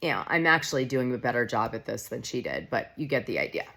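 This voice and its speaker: A woman's voice: extremely low pitch, big pitch swings, quick pace, gravelly, pushed and bright. A woman vlogger recapping a reality show in a casual, chatty, opinionated way, often saying "like". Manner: gossipy, opinionated, heavy use of "like".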